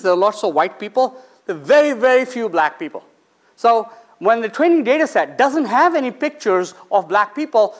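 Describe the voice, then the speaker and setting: A man, a finance professor, lecturing students in a conversational way, asking the audience questions and briefly acting out the people in his stories. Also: very high-pitched. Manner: acts out quoted people in short bursts.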